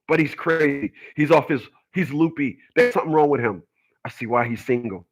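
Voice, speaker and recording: A man's voice: medium pitch, fairly quick, poor audio. A man hosting a casual live-stream talk show, reading viewer comments aloud and answering them with crude jokes and a lot of laughter. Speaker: internet talk show host.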